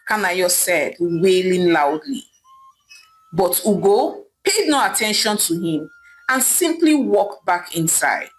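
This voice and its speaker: Folktale narrator: woman, dramatic and expressive, soft music beneath. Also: medium pitch, slow, low-quality recording. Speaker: storyteller.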